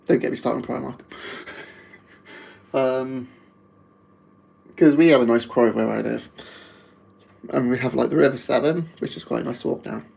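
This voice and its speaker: A man's voice: mid-range voice, moderate pace, gravelly, pauses often, a little mellow, breathy edge, low-quality recording. A man with a Wolverhampton accent chatting casually on a live stream, rambling and laughing often.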